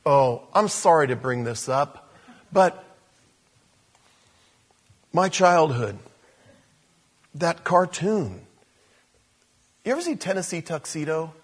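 Animated older male pastor preaching. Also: fairly high pitch, takes it slowly, pauses often, breathy edge. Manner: animated, storytelling, joking with the congregation. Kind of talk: sermon.

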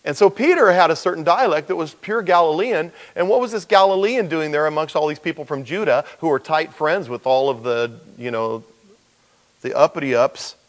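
A middle-aged pastor with a voice on the high side preaches to his congregation at a normal speed. He tells the story animatedly, giving each character its own voice.

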